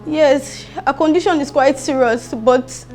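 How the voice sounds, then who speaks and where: A woman's voice: high-pitched, measured pace, darkish tone, faint music behind. An actress playing an anxious young woman with a Nigerian accent, giving bad news on the phone.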